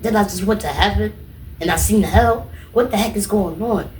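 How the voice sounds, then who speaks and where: A man's voice: high voice, normal speed, darkish tone, a little hiss or hum. A man being interviewed as a guest comedian and artist, telling stories casually and animatedly, often saying "you know what I'm saying" and acting out quotes. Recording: roomy, distant mic, faint ambience.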